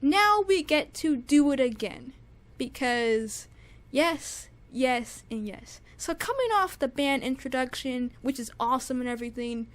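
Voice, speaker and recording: A young woman with a high voice reviews music in a casual, gushing way. She repeats herself, stacks up fillers and restarts, and keeps circling back to how amazed she is. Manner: gushing, repetitive, lots of "like" and restarts.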